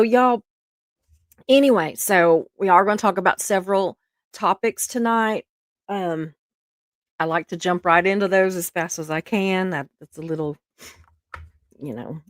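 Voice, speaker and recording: A woman with a Georgia drawl hosts a livestream and talks to her chat. Her voice sits low for a woman. She rambles in a casual, friendly way on a close, dry mic. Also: normal speed, dry recording. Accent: Southern US, Georgia. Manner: rambling and chatty, says "y'all" often. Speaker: livestream host. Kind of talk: casual chat to a live audience.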